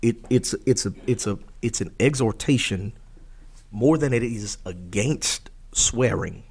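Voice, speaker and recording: Husky man, folksy and emphatic. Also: on the low side, a little slow, a little mellow. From Port Arthur, Texas. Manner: folksy, emphatic, wordplay-loving. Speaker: podcast co-host. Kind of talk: casual faith podcast chat.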